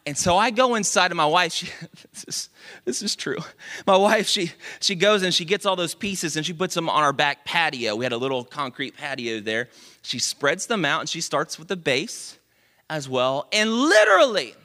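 A man from Dallas, preaching a storytelling sermon, animated and self-mocking, with confiding asides to the congregation. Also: a little high, normal speed. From Dallas, Texas. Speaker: pastor. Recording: long reverb of a big hall.

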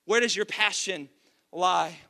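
A pastor from the Dallas area preaching an impassioned sermon into a microphone, building to shouts. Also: male voice, sits high, slow pace, creaky. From Dallas area, Texas.

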